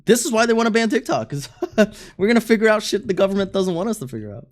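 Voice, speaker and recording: Animated, slangy streamer reacting live. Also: mid-range voice, quick pace. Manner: animated, laughing, swearing, loose slang. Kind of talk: casual live reaction commentary.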